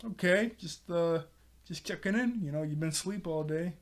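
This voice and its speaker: A man voicing an eager, jumpy teenage boy hero from a cartoon, with high startled yelps. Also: moderate pace, natural voice. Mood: nervous.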